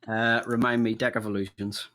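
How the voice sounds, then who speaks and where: A man narrating as game master, halting and searching for words as he describes scenes. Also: lowish voice, little pitch movement, a bit bright.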